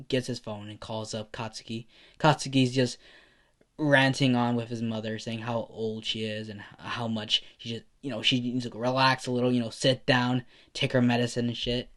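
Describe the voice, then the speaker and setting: Man rambling through a fan story. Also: medium pitch. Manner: rambling, filler-heavy, casual. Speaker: narrator. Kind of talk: amateur fan story narration.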